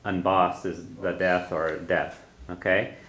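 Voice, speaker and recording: A man's voice: low-pitched, level tone, takes it slowly, fairly bright tone. A man teaching a classroom language lesson, patiently repeating phrases and quizzing his students. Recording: echoey room, faint background noise.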